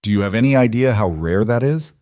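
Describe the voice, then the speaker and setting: Gentle protective young aunt, read by a man, soothing and reassuring, dry close read. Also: lowish voice, animated, brisk, dry recording, natural voice. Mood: earnest.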